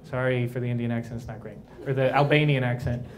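A man's voice: medium pitch, steady tone, fast talker, slight background noise. A man, a priest, giving a casual, playful talk to a live crowd of young adults at a brewery, often checking in with the audience by asking "right?".

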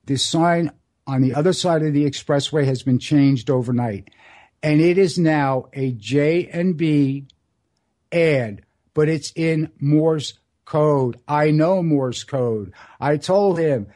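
A man in his sixties hosting a solo radio show, telling stories in a rambling, earnest way and slowing down for emphasis. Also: fairly high pitch, dark tone. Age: 60s. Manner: rambling, earnest storytelling with dramatic slow emphasis. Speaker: radio host.

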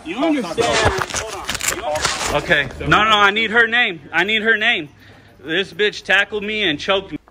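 High-ish voiced guy filming on his phone, loud, keeps repeating himself, confrontational. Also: moderate pace, heavy background noise. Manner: loud, insistent, repeating demands. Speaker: video channel host, auditor.

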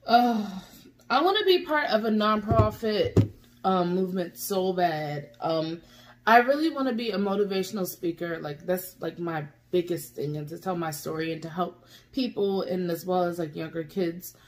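A woman's voice: medium pitch, measured pace, slight background noise. Chatty young woman vlogging. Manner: chatty, heartfelt, full of fillers. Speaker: YouTube reaction host. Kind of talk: casual reaction vlog.

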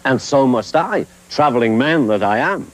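A man reading a children's story aloud in a gentle, measured way, as the show's storyteller. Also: medium pitch, animated. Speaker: storyteller host. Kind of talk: scripted storybook narration. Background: background music.

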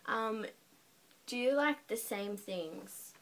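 A woman's voice: on the high side, lively intonation, takes it slowly. An Australian woman hosting a casual vlog chat with her brother, teasing and giggly in a blunt way. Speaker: vlogger host.

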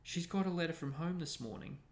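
A man's voice: a little high, fairly quick, darkish tone, echoey room, voice pushed up, lightly acted. A man voicing a teenage girl who whispers sympathetically in a storybook reading. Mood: hushed. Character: hushed, consoling teenage girl.

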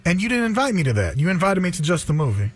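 A man's voice: high-pitched, very animated, quick pace, breathy edge, soft background music. A man on a radio show, joking in a laid-back way with the hosts. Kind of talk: morning radio banter.

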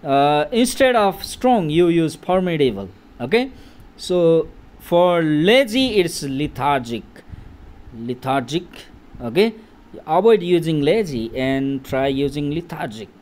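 A man's voice: on the high side, very animated, a little mellow. A man in his thirties teaching an English vocabulary lesson, repeating words and checking in with "okay?" again and again. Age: 30s. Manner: slow, repetitive, checks in with "okay?" often.

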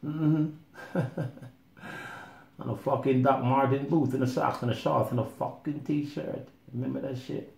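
A man's voice: mid-range voice, fairly even intonation, a little slow, vocal fry, a little mellow. A man telling his own story in a rambling, blunt monologue, swearing freely and acting out other people's voices. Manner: profane, blunt, acts out voices. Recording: roomy echo.

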